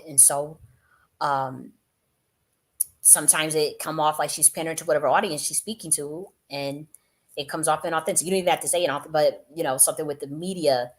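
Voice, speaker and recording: A woman's voice: lowish voice, a bit bright. Blunt, cussing woman YouTube commentator. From United States. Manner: blunt, profane, lots of restarts and fillers. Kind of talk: casual political commentary.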